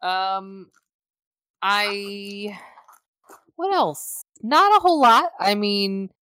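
A woman co-hosting a casual podcast, rambling through her week with wry asides and plenty of fillers. Her voice is bright and mid-pitched, recorded close and dry. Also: slow, no echo. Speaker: podcast co-host. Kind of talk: casual chat.

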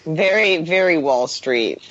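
Woman cohost just chatting, laughs a lot, lowish voice that swings around, kinda lo-fi. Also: lively intonation, fairly bright tone, dry recording. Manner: chatty, laughs often, quick asides. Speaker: podcast co-host. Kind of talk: casual chat.

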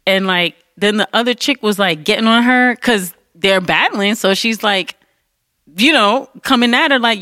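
Bright, dry-voiced woman host telling stories. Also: mid-range voice, moderate pace, dry recording. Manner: enthusiastic, animated storyteller who acts out quotes. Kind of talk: casual chat, storytelling.

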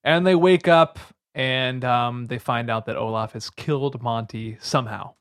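Male podcast co-host, average pitch, chatty recapper, dry close mic. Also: unhurried, dry recording. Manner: recaps plot, acts out lines. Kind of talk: casual movie review chat.

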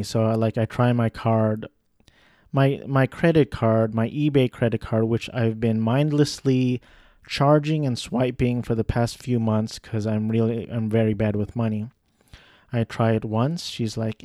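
A man's voice: on the low side, steady tone, moderate pace, dark tone, no room sound, clean studio sound. A young man casually telling a rambling, self-deprecating story, with some swearing and lots of restarts.

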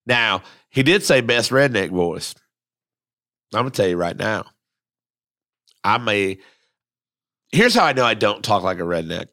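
A man's voice: on the low side, very animated, measured pace, long pauses, bright, forceful tone, dry recording, studio quality. A man hosting a podcast in casual, crude, joking chat, reading listener messages aloud. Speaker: podcast host.

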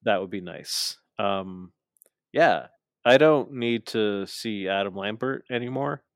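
A man co-hosting a podcast, casually recapping a wrestling show and mocking the wrestlers' lines in quick asides. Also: fairly low pitch, no echo. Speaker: podcast co-host.

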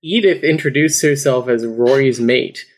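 A man in casual podcast chat, reading passages aloud and laughing along. His voice sits at an everyday middle pitch. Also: normal speed. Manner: laughs often, reads passages with an embarrassed amusement. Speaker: guest on a book podcast.

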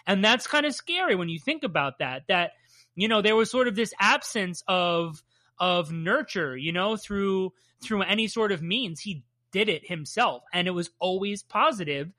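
A comic podcast co-host talks through the issue in a relaxed, candid way, slipping into dry sarcasm now and then. The voice is bright and forward, with a medium pitch. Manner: measured, candid, playfully sarcastic. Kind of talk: casual chat.

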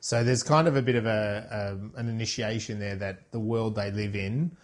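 A man's voice: lowish voice, steady tone, normal speed. A man co-hosting a casual podcast, recapping film scenes in a rambling, self-correcting way. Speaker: podcast co-host reviewing a film. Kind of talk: casual chat.

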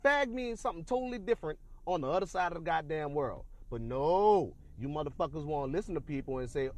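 A man delivering a loud, profane, worked-up comedic rant on a podcast. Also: high-pitched, quick pace, hardly any pauses. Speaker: podcast ranter.

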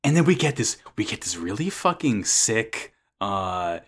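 Bright-voiced man rambling and swearing. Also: on the low side, big pitch swings, unhurried, husky. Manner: rambling, frequent swearing and restarts. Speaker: podcast co-host. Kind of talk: casual chat recapping an anime episode.

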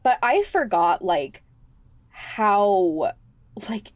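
A woman's voice: mid-range voice, drawn-out words, no echo. A woman co-hosting a podcast, chatting casually and agreeably, often backing up her co-host. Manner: relaxed, agreeable, frequent backchannels. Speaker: podcast co-host, longtime fan of the show. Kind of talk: casual chat.

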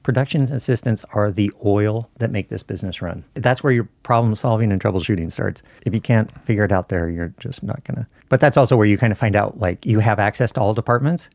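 Male guest, low gravelly voice, easygoing storyteller, dry close recording. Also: quick pace, hardly any pauses, darkish tone, no echo. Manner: storytelling, easygoing, acts out dialogue. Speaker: film camera crew guest. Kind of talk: casual interview chat.

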